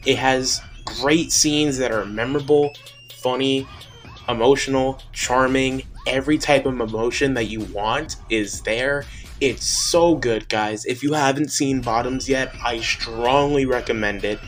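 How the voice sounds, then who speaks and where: A man's voice: mid-range voice, a little slow, a bit bright. A man doing a casual movie review vlog, opinionated and exasperated, firing off rhetorical questions.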